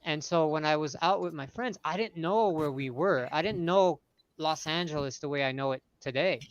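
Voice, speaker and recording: A man from California telling a long, animated story in casual live-stream chat. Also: a little high, normal speed, dull audio. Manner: animated storyteller, acts out voices loudly.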